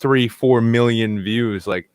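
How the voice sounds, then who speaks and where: A man's voice: medium pitch, slow pace, darkish tone, smooth, no echo. A young man from New England vents on a podcast in a casual, profane rant full of sarcasm. His voice sits in a middle register, and the recording is close and dry, with no room sound. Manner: ranting, sarcastic, swears a lot. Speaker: podcast host.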